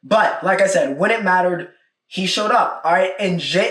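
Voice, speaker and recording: A man's voice: high-pitched, moderate pace, fairly bright tone. A young man hosting a solo sports podcast, talking casually and emphatically, often repeating his points with "all right?". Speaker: podcast host. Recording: echoey room, mic at a distance.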